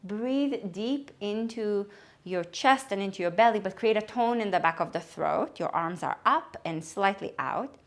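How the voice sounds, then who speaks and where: A woman yoga teacher giving calm, gentle spoken cues for breathing and movement. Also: medium pitch, unhurried. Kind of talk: guided yoga instruction.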